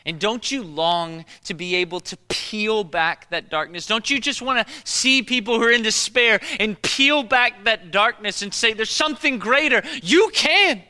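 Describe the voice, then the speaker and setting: A man preaching a sermon as a pastor, moving between loud, repeated exhortations and hushed, quiet storytelling. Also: sits high, normal speed, few pauses. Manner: repetitive preaching cadence.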